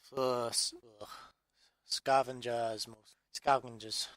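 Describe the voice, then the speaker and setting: The recording is dry, capturing a man from England with a medium-pitched, level, fairly bright voice reading slowly. He is narrating his own story for an audiobook, and in these outtakes he keeps restarting while muttering at himself in frustration.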